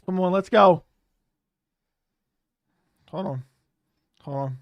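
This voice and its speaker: A young man hosting a live fight watch-along, talking casually and animatedly, swearing, repeating himself and breaking into loud outbursts. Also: high voice, slow pace, vocal fry, no room sound, dull audio. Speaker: host reacting to a live fight.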